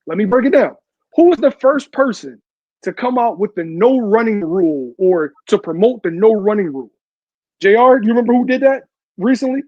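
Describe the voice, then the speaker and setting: A man's voice: sits high, animated, moderate pace, no echo, lo-fi sound. A man co-hosting a casual online talk show, pressing his point and cutting others off to break it down. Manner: insistent, keeps cutting in to make his point. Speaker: podcast host. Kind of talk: casual debate chat.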